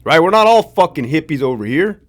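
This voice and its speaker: Very animated and brisk, a man with a slightly high voice rants casually to camera on his show. He's a middle-aged ex-prison guard from Southern California, and he's profane, sarcastic and fond of repeating himself for emphasis.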